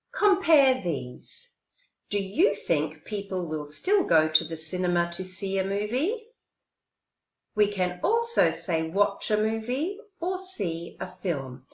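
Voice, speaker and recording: Woman, English teacher, very slow, careful pronunciation, lively pitch, roomy dull recording. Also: a little hiss or hum. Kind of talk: recorded language lesson.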